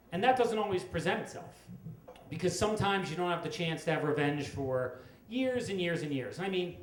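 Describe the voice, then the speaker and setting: Wry middle-aged man telling stories live. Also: on the high side. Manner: wry, with dramatic pauses. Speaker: storyteller at a story slam. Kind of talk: live comic storytelling. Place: stage at a live storytelling event. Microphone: stage microphone. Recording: echoey live room with faint noise.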